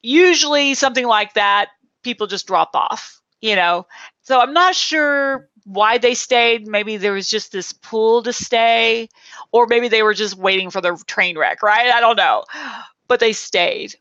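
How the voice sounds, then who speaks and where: Lively woman host telling a story. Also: a little high, a little slow, no echo, dull audio. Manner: animated storyteller, acts out quotes. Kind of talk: casual interview chat.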